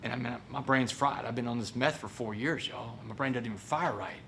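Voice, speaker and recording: A man's voice: mid-range voice, fairly quick, gravelly, fairly bright tone, a little hiss or hum. A man, a motivational speaker dramatically telling his own story to an audience and acting out other people's voices. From Port Arthur, Texas. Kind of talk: personal story told to an audience.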